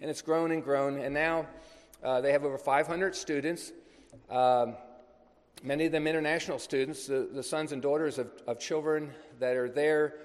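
A man's voice: on the high side, fairly even intonation, in a large hall. A man speaking as a missionary in a church, telling a ministry story in a loose, anecdotal way to a congregation. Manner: conversational, anecdotal, loose with pauses.

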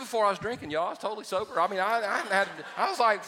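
A man preaching in a large church, his voice bright and a bit high for a man. He talks in a folksy, joking way and then builds to emphatic points, with a long reverb trailing off the room. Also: expressive, quick pace, hardly any pauses. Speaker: pastor. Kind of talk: sermon with storytelling.

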